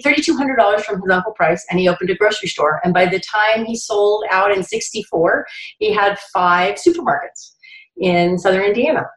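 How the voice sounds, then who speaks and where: A middle-aged woman from Florida, a podcast guest who talks chattily and laughs often as she reminisces. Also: mid-range voice. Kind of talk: conversational interview. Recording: roomy, echoey recording.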